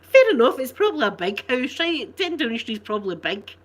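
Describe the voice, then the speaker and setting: A woman's voice: high voice, sing-song, brisk. A woman with a Glasgow accent chatting casually with her live viewers, rambling and laughing often. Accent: Scottish, Glasgow. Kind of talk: casual live-stream chat.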